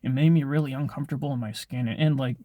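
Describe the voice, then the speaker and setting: A man's voice: mid-range voice, steady tone, fast talker, mellow, no room sound. A young man casually telling a personal story on his vlog, rambling, with lots of filler words and swearing. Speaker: vlogger.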